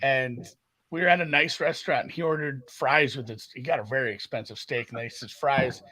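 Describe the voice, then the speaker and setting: A man from Minnesota, co-hosting a live sports betting stream, telling stories in an animated way and laughing often. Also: mid-range voice, fairly quick, low-quality recording. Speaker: podcast co-host. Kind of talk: casual sports betting chat.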